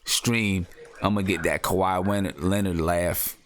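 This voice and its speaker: A man's voice: deep voice, fairly even intonation, measured pace, a bit bright, a little hiss or hum. A man hosting a casual live-stream show, talking loosely with many restarts and repeats. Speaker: podcast host.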